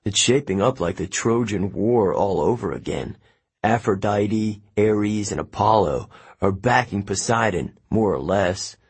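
A worried, friendly teenage camp counselor from a storybook, read by a man in a slightly low, husky voice. He talks earnestly, trying to sound reassuring while things are tense. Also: unhurried.

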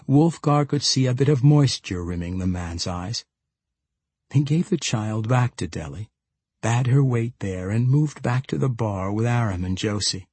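Husky male audiobook narrator. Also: fairly low pitch, no room sound. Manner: measured, steady storytelling. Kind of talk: scripted fantasy narration.

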